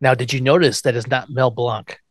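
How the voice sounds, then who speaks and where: A man's voice: mid-range voice, steady tone, a little fast, no echo. A man co-hosting a podcast, casually recapping a TV episode scene by scene and chuckling often. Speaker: podcast co-host.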